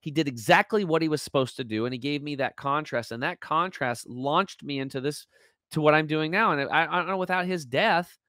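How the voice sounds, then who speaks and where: This man's voice is fairly high, brisk, bright, and forceful, recorded dry and close with no room sound as he joins an interview by video call. Telling his story with feeling, he acts out quoted dialogue and uses lots of fillers and restarts.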